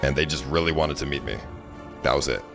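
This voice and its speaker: A man's voice: a bass voice, fast talker, vocal fry, music in the background. A man telling a personal story in a casual, rambling way, frustrated and full of filler words.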